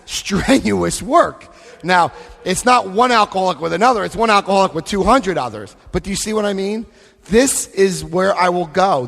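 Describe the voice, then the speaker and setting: Male convention speaker, high-pitched voice, emphatic, repeats himself, long hall reverb. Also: a bit bright. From United States. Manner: emphatic, repeats key phrases, asks the crowd questions. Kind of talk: recovery talk with book reading.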